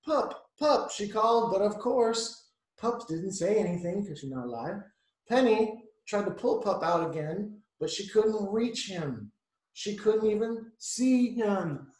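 A man's voice: sits high, lively intonation, unhurried, a little mellow, reverberant, low-quality recording. A male teacher reading a picture book aloud to children, stopping to explain the pictures and ask them questions. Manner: chatty, explains the pictures, asks the kids questions.

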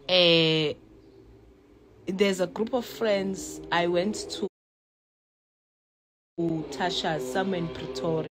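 A South African woman in her thirties venting in a casual vlog, animated and switching between languages mid-sentence. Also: on the low side, husky. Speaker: YouTuber.

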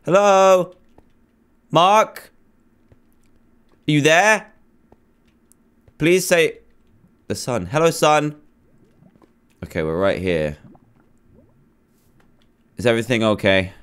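A man commenting nervously as he plays a horror game, pleading and reacting loudly to scares. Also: on the high side, expressive, slow pace, pauses often, clear, resonant tone. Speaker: gamer.

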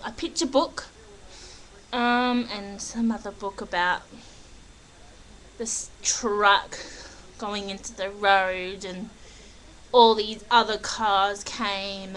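A woman's voice: mid-range voice, steady tone, slow, pauses often, fairly bright tone, poor audio. A young Australian woman chatting casually on a home webcam in her living room, talking in a put-on American accent, rambling and giggly. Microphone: built-in webcam mic.

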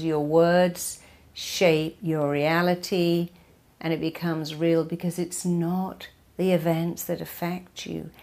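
Emphatic woman therapist with a lowish voice. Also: gravelly, a little mellow. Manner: emphatic, driving home points with repeated lists. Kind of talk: motivational talk.

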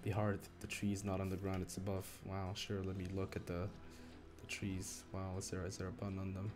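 A young man streaming a game, complaining and swearing, muttering low one moment and shouting the next. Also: completely flat delivery, brisk. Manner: frustrated, swearing, swings from mumbling to shouting. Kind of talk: live gameplay commentary. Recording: game music behind the voice. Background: game music.

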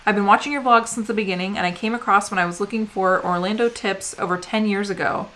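A woman's voice: medium pitch, fast talker, bright, forceful tone. A woman in her thirties from the United States, co-hosting a vlog and chatting casually while reading viewer mail with lots of "um"s. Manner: chatty, rambling, often says "um". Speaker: vlog co-host.

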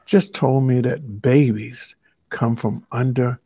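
A man voicing a male lion in a children's story, dismissive and giggly, with a slightly husky voice. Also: mid-range voice, slow, mellow, dry recording. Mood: amused. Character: laughing, scoffing male lion, sure of himself.

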